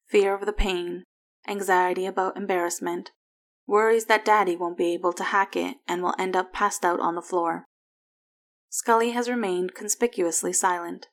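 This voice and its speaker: A woman reads a story aloud in a slightly low voice. Her delivery is soft and even, sinking to a hush in quiet moments. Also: moderate pace. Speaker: narrator. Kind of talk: fan fiction reading.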